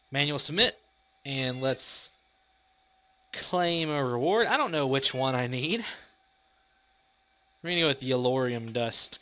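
A man's voice: medium pitch, pushed and bright, slight background noise. A man hosting a casual gameplay commentary, playful and chatty, laughing often and talking to the creatures in his game. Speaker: gaming channel host.

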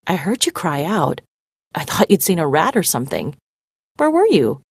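A woman voicing a caring mother who is worried about her son, speaking gently and anxiously. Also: deep voice, huge pitch swings, moderate pace, gravelly, husky, no echo, studio quality, full character voice. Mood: concerned.

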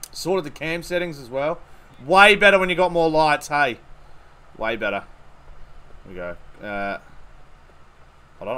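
Young Aussie streamer, high lively voice, excitable and sweary. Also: male voice, a little hiss or hum. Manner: excitable, swears, thanks followers between balls. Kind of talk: live gameplay commentary.

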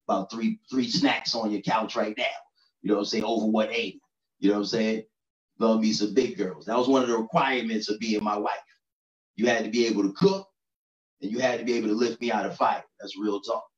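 A stand-up comedian from New York City tells his set in a loose, conversational way and keeps checking in with the crowd. His voice sits at a middle pitch. The recording is roomy and echoey, with a dull, lo-fi sound. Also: recorded from a distance. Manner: conversational, keeps asking "you know what I'm saying".

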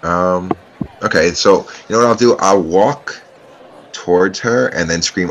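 Male tabletop player, very low voice, hesitant with lots of fillers. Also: measured pace, a bit bright. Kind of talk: casual tabletop play.

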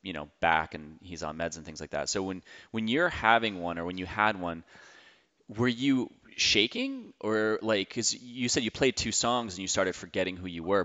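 A man's voice: sits low, sharp tone. A man hosting a casual podcast interview, asking long, rambling questions. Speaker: podcast host.

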